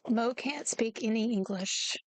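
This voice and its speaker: A woman's voice: on the high side, measured pace, no room sound. A woman co-hosting a casual chat, adding brief, wry comments. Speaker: podcast co-host.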